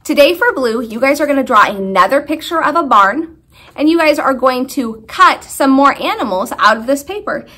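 High, sing-song preschool teacher woman. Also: animated, sharp tone. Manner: slow, sing-song teacher talk with questions to the children. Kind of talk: reading a poem aloud to young children.

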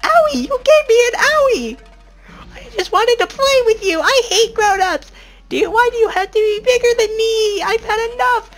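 A man's voice: extremely high pitch, lively intonation, normal speed, a bit bright, soft background music, pitched above the performer's own voice. A young man voicing a whiny, tantrum-throwing baby boss monster in a video game, squealing and petulant.

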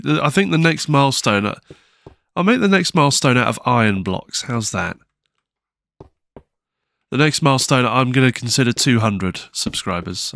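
A man's voice: mid-range voice, gravelly, a bit bright. A man giving casual, nervous commentary while playing a video game, with frequent startled exclamations and self-mocking asides. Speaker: gaming channel host.

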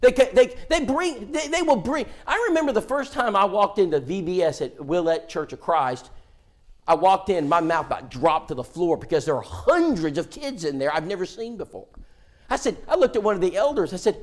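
Man, preacher, sermon storytelling, high voice, lively pitch, stammering restarts, church. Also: fairly quick. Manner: animated, stammering restarts, acts out dialogue. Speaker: preacher, guest seminar speaker.

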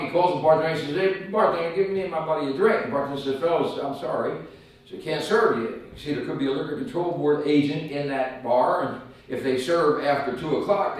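A man preaching a sermon as an evangelist, telling a folksy personal story with lively, acted-out voices. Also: medium pitch. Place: church sanctuary. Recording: echoey church, mic from a distance.

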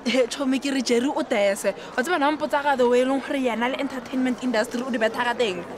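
A young woman with a South African accent playing an eager teenage girl who dreams of TV fame, talking fast and pleading. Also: high-pitched, a little hiss or hum, lightly acted. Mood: determined. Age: young adult. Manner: fast, pleading, mixes languages.

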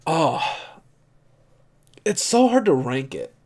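A man with a somewhat high-pitched voice talks through his reaction as an anime reviewer. He is candid and excitable, swears freely, restarts his sentences, and sounds openly moved. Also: takes it slowly, creaky. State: emotionally moved. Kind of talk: casual reaction commentary.

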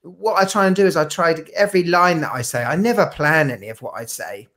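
A man's voice: on the high side, quick pace, a bit bright. A man on a live video call, chatting casually in a jokey, rambling way with lots of restarts and fillers. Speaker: guest watch collector. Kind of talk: casual live-stream chat.

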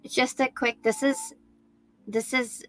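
A woman hosting a true crime livestream, reading a news story aloud, thinking out loud and chatting with her viewers by name. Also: sits high, fairly even intonation, slow pace, no room sound, soft background music. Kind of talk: live-stream chat, reading news aloud.

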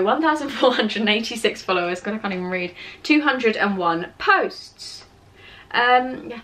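A woman's voice: medium pitch, a bit bright, slight background noise. Chatty young British woman vlogger. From England. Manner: chatty, self-mocking, rambling. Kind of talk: casual Q&A chat. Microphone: camera on tripod with ring light.

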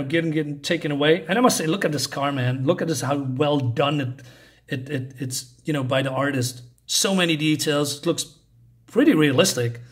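A man's voice: on the high side, a bit bright. Rambling man reviewing a comic. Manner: rambling, many fillers and restarts; enthusiastic about the artwork. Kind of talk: casual comic review, reading panels aloud.

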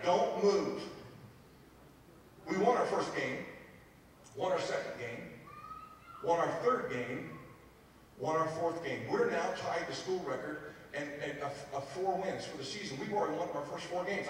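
A man preaching as a pastor, telling a story in an animated, humorous way. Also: high voice, a little hiss or hum. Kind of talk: storytelling sermon. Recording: echoey hall, mic far off.

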